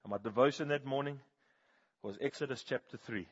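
A man preaching a sermon, telling animated stories and swinging from loud bursts to hushed, slow appeals. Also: mid-range voice, husky. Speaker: pastor. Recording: dull, muffled sound.

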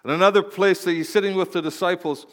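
A man preaching a sermon as pastor, playful and animated, swinging from quiet asides to loud exclamations. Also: sits high, quick pace. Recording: long hall reverb.

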